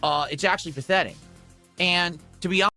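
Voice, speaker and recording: A man's voice: high-pitched, fairly quick, bright, forceful tone, faint music behind. A man chatting casually as a podcast co-host, frank and dismissive. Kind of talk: casual chat.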